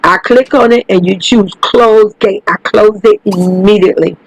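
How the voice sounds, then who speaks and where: Woman chatting over her sim game, swears a lot, keeps going "you guys", mid pitch, dry close sound. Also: normal speed, slightly rough, no room sound, low-quality recording. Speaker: gaming channel host. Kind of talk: casual gameplay commentary.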